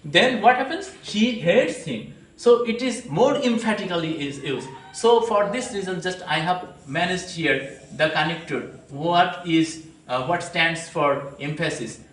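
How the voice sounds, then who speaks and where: A male teacher giving a grammar lecture to his students, pausing often and repeating phrases as he explains. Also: a little high, a bit bright, a little hiss or hum. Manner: hesitant, many pauses and repeated phrases; addresses listeners fondly as students. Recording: echoey room, mic at a distance.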